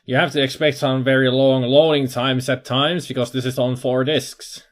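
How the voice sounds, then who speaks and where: Playing a video game on his own, a man gives casual let's-play commentary, reading its text aloud and musing about what to do next. His mid-range voice has little pitch movement and a normal speed.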